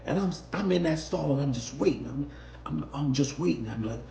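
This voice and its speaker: Brief: animated male storyteller, highish voice, echoey room with faint music. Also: brisk, gravelly, a little hiss or hum. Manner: animated, acts out scenes. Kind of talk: casual spoken storytelling.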